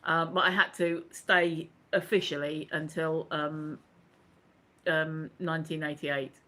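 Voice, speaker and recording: A woman's voice: low voice, little pitch movement, takes it slowly, sharp tone. A woman, hosting a casual livestream chat, rambling and laughing as she reads out viewer comments. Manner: chatty, laughs often, rambling asides. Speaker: livestream host.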